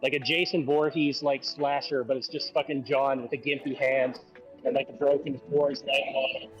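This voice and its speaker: A man joining a friend's stream on a voice call, chatting excitably, swearing freely and saying "like" a lot. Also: mid-range voice, normal speed, highs cut off, over music. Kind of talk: casual chat on a voice call.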